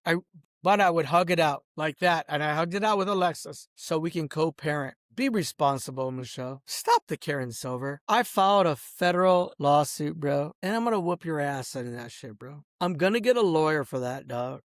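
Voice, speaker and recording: Outdoors, a host launches into an angry, profane rant, addressing people directly and peppering his speech with "bro" and "dog." His slightly high voice has lively intonation at normal speed, with studio-quality sound and no room sound.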